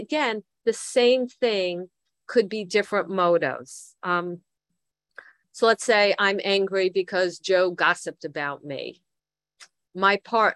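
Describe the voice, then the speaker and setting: A middle-aged woman shares her recovery experience in a casual, reflective way, thinking aloud and laughing at her own faults. Her voice sits at an ordinary pitch, and the recording is dry with no room echo. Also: a bit bright, clean tone. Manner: candid, self-deprecating, thinks aloud with fillers. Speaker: twelve-step recovery speaker.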